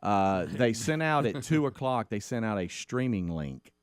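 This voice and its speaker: A middle-aged man, co-hosting a radio talk show and telling a long personal story in casual chat, animated and playing out the other people in it. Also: measured pace, no room sound, studio quality. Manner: animated storyteller who acts out quotes in a higher voice.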